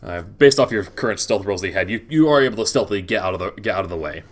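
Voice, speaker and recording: A man's voice: lowish voice, expressive, rapid-fire. A young man narrating a tabletop game as game master, rambling with many restarts and fillers.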